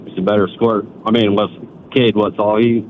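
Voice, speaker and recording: A man's voice: fairly low pitch, level tone, a little fast, a little hiss or hum. A man calling in to a sports radio show, stubborn and casual in his opinions. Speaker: caller. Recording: tinny phone line.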